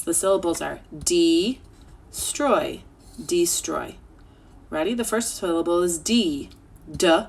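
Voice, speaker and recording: Lady teacher doing a spelling lesson from home, low gravelly voice, slow and patient, little hiss behind. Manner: patient, encouraging, sounds words out letter by letter.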